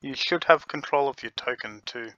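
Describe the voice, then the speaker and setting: A man running a tabletop game as game master, narrating in an unhurried, lively way, recorded on a home computer mic. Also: mid-range voice, no room sound. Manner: unhurried, lively storytelling with light laughter. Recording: dull lo-fi with faint hiss.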